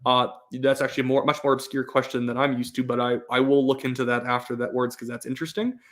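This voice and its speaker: A man's voice: medium pitch, level tone, fast, fairly bright tone. A young man hosting a live stream, reading chat questions aloud and giving his opinions with many fillers and restarts. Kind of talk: casual live-stream commentary.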